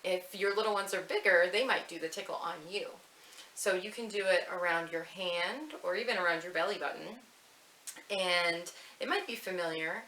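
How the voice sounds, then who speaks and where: A woman leading a family story time at a library, chanting rhymes in a sing-song way, slowly for the snail and fast for the mouse. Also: fairly low pitch, bright, forceful tone. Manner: sing-song, reads rhymes slowly and quickly to match the words. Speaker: children's librarian. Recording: echoey room with faint hiss.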